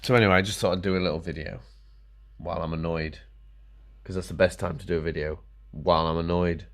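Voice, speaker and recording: A man's voice: deep voice, fairly even intonation, fast talker. A middle-aged man ranting casually to camera, grumbling and sarcastic, muttering to himself as he works. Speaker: vlogger.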